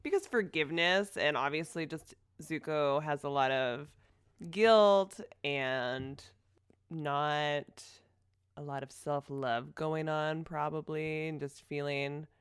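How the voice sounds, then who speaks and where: A woman's voice: low voice, slow pace, clear, resonant tone, no echo, clean studio sound. A woman co-hosting a podcast in casual chat, upbeat and steering the conversation along. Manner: upbeat, moves the talk along. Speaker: podcast co-host.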